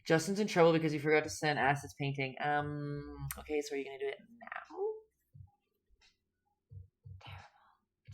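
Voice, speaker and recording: Low-voiced woman teaching painting live. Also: a bit bright. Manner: chatty and playful, reads out chat, giggles often. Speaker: painting instructor on a live stream. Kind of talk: casual live-stream painting lesson, chatting with viewers.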